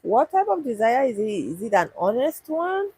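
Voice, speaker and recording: A woman's voice: on the high side, sing-song, normal speed, darkish tone, husky, low-quality recording. A young woman chatting casually with viewers on a livestream, thinking aloud and restarting her sentences. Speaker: livestream host answering viewers. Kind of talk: casual live chat.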